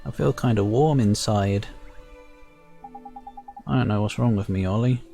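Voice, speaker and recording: A man's voice: on the low side, measured pace, vocal fry, mellow, soft background music. A man reading game lines aloud, voicing an eager, emotional young boy friend. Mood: tearful.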